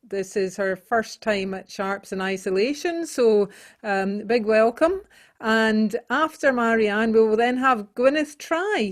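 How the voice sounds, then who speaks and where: Woman host, video call, casual and halting, fillers throughout. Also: on the high side. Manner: hesitant, lots of ums and uhs. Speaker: host of online folk singing session.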